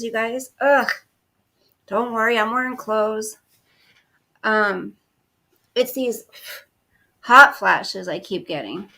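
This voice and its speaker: A woman's voice: fairly high pitch, bright, forceful tone. A woman in her fifties chatting casually on a livestream, reading and answering viewer comments. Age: 50s. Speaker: livestream host.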